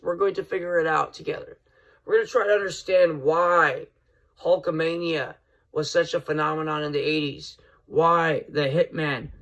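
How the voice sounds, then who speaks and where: A middle-aged man hosting his own podcast, talking straight to listeners in an excitable, rambling monologue that keeps calling them folks. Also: a little high. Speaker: podcast host.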